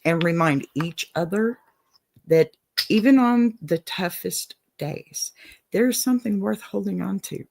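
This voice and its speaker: A host with a Southern accent talks through an advice show in a casual, encouraging way, checking in with "okay?" and calling listeners "y'all." The voice sits at a middle pitch. It is recorded close and dry, with no room echo. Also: a little mellow. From Texas.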